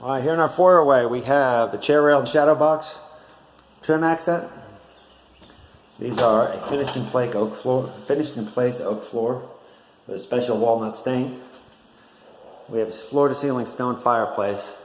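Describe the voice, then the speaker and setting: A man's voice: medium pitch, a little slow, long pauses. A man who builds homes, narrating a walking tour of a new house in a casual, explanatory way, with frequent filler words. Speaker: home builder. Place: at a newly built house, outside then indoors.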